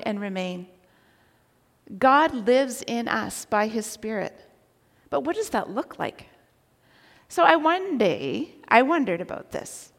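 A woman preaching a sermon, telling a personal story with animated delivery and occasional shouted quotes. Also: a little high, vocal fry. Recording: long reverb of a large hall.

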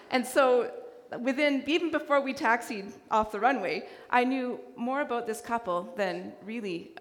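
A woman's voice: on the high side, normal speed, a little hiss or hum. Woman preaching in a reverberant church hall. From Canada. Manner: animated storyteller acting out dialogue. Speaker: guest preacher. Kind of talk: storytelling sermon.

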